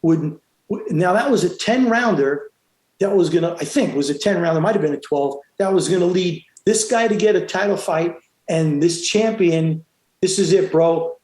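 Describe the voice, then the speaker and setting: A man's voice: high voice, normal speed, a little mellow, echoey room. A man, a boxing referee, telling stories in an interview, emphatic and acting out the quotes, with many restarts. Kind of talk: animated storytelling in an interview.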